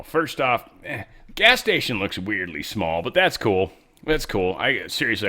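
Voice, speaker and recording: A man's voice: fairly low pitch, pushed and bright. A man hosting casual political commentary, rambling and profane with sarcastic asides. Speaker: show host.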